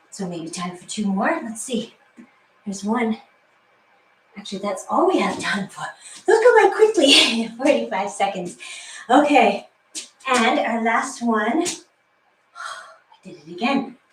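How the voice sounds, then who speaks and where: A woman's voice: a little high, lively intonation, a little slow, pauses often, echoey room, distant mic, a little hiss or hum, poor audio. Breathless, chatty woman fitness instructor. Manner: cheerful, chatty, laughs at herself. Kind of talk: workout class instruction.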